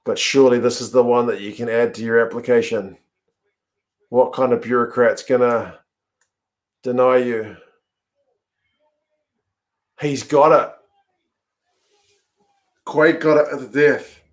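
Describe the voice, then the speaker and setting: Excitable man commentating at home. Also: mid-range voice, unhurried, long pauses. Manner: excitable, yells at the screen, chats with viewers. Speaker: watch-along host. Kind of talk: live-stream watch-along commentary. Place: home, in front of a TV.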